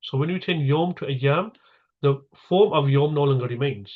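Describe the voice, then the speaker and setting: A man's voice: on the high side, normal speed, narrow, tinny audio. A man teaching an Arabic grammar lesson, explaining patiently step by step and asking and answering his own questions.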